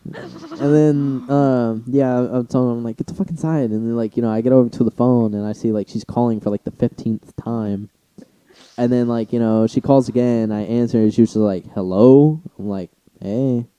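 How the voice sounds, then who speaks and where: A man's voice: mid-range voice, steady tone, normal speed, dark tone, clear, resonant tone. A young man in casual podcast chat, swearing freely and acting out quoted lines with big jumps in his voice. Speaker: podcast co-host.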